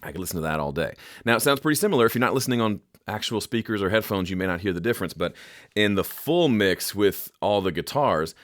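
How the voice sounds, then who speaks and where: A man's voice: lowish voice, fast, soft background music. A middle-aged man explaining audio mixing in a casual, jokey way, now and then imitating sounds with his voice. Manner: animated, jokey, makes vocal sound effects. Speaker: music production teacher. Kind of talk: casual instructional talk to camera.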